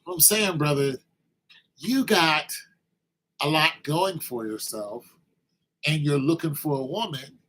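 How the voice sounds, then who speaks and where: A man's voice: on the high side, slow pace, pauses often, pushed and bright, poor audio. A man vlogging a rambling, teasing comic monologue that turns to preachy advice.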